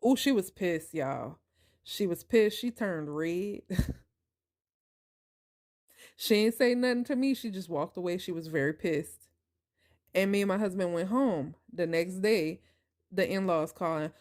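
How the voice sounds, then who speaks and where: A woman hosting a podcast, telling a personal story in an emphatic, animated way and talking straight to her listeners. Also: on the low side, a little slow. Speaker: podcast host.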